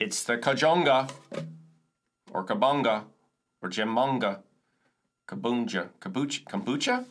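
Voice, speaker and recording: A man's voice: medium pitch, big pitch swings, measured pace, fairly bright tone, faint music behind. A man teaching percussion and chords in a casual, self-correcting way, explaining step by step. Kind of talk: relaxed music lesson walkthrough.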